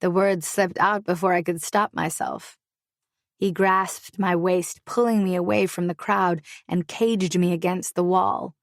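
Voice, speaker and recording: A woman's voice: lowish voice, steady tone, a little slow, no echo, studio quality. A woman narrating a first-person romance audiobook with a wry, sultry, playful delivery.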